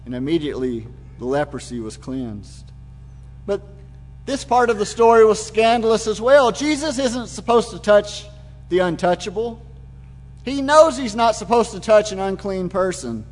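A man's voice: high-pitched, lively intonation, normal speed, soft background music. A man preaching a sermon, retelling the scene in vivid, imaginative detail. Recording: long hall reverb.

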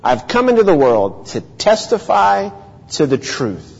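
A man with a slightly high, husky voice preaches a sermon in a measured, earnest way and poses rhetorical questions. His voice carries a long reverb from the hall, and the recording sounds dull and lo-fi. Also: huge pitch swings.

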